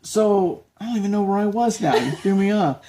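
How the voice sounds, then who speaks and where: A man's voice: sits high, fairly quick. A man hosting a podcast, telling stories in a casual chat and acting out the people he quotes. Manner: animated, acts out quotes in shouts. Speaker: podcast host.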